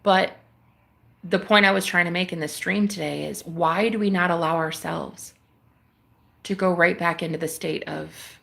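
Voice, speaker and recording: A woman's voice: lowish voice, steady tone, normal speed, creaky, fairly bright tone. A woman hosting a livestream, talking casually about spirituality and acting out phone calls in quoted voices. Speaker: livestream host.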